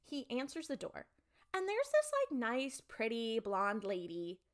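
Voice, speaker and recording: A young woman co-hosting a podcast recaps an episode in casual chat, telling the story with animation and acting out the characters' lines. Her pitch is fairly high and she doesn't rush.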